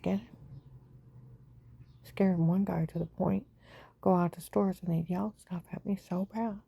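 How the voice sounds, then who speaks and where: A woman in a rambling, agitated monologue that swings between loud outbursts and low whispers. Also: fairly even intonation, unhurried, vocal fry, husky. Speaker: vlogger.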